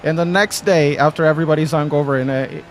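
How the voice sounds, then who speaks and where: A man's voice: a little high, fairly even intonation, fast talker, faint music behind. A man, chatting casually and rambling jokily on a sim racing live stream. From Portugal. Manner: rambling, self-deprecating and jokey.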